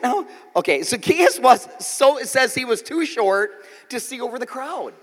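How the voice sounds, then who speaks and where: A male pastor preaches with a high voice that swoops constantly between ups and downs. He keeps it loose and joking, checking in with the congregation as he goes. His voice rings out with long reverb, as in a large church hall. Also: a little slow. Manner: lively, joking, conversational preaching with frequent "okay?" check-ins. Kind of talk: sermon. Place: church sanctuary.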